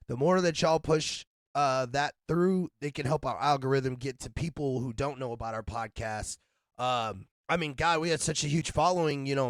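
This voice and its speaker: Raspy-voiced man on a podcast. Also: dry recording, clean studio sound. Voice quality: raspy, deep. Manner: loose, laughing, rambling with shout-outs. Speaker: podcast co-host. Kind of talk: casual podcast chat.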